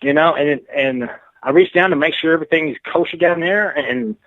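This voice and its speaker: A man tells his story over a tinny, phone-like line, with a dry sound and no room around him. His voice sits a little high for a man. He rambles frankly and keeps dropping "you know" as he goes. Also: brisk, dry recording. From Texas. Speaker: interview guest. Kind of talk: casual storytelling.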